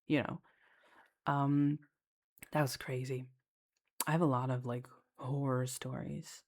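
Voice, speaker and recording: A woman with a deep voice tells stories from her job as a lifeguard in a relaxed chat. She is candid and loose-tongued, swears without a second thought, and pads her sentences with casual fillers. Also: moderate pace. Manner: chatty and candid, swears freely, heavy on fillers.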